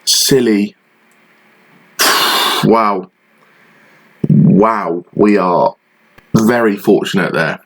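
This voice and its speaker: Slow, husky man commentating a game. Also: fairly low pitch, rough recording. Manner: frustrated, sarcastic play-by-play. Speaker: gaming channel host. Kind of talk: live commentary over a football management game.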